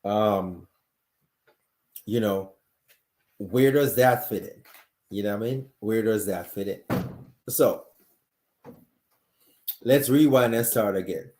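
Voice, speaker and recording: A man hosts a live-streamed talk show while sick and coughing, with a mellow, dark tone. He speaks earnestly and directly to his audience and often restarts his sentences. The sound has the echo of a hard-walled room. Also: lowish voice, takes it slowly, long pauses. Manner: earnest, talks straight to viewers, frequent restarts. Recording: echoey room.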